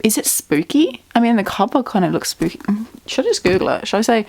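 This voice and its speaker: A woman's voice: medium pitch, big pitch swings, quick pace, creaky, darkish tone, no room sound. A young woman chatting casually as a book vlogger at home, bubbly and talkative, thinking aloud. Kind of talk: casual chat.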